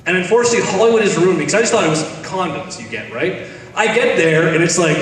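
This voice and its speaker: A man with a high voice tells stand-up stories, acting out every line of dialogue himself. He sounds far from the camera, in an echoey hall with long reverb. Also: a bit bright, slight background noise. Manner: storytelling, acts out dialogue, breaks into laughter. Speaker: stand-up comedian. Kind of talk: stand-up comedy set. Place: charity event stage, audience hall.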